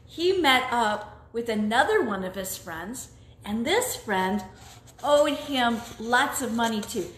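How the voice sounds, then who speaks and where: Woman telling a kids bible story, kinda high voice, echoey room with faint hiss. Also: animated, slow pace, a bit bright. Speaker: children's church host. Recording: echoey room, phone camera.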